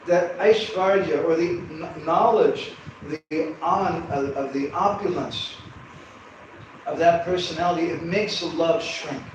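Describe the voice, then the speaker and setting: Storytelling man in an echoey hall. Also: fairly high pitch. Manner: animated storytelling with humorous asides. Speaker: storyteller speaker. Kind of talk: devotional storytelling talk. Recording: echoey hall from far off, background hum.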